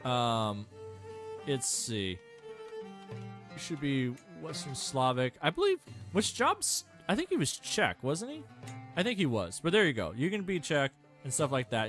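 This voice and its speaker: A man talks through his strategy game in a loose, rambling way, full of fillers and self-mocking asides. His pitch jumps around a lot, and faint music plays underneath. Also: fairly bright tone. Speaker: gameplay streamer. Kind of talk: casual gameplay commentary.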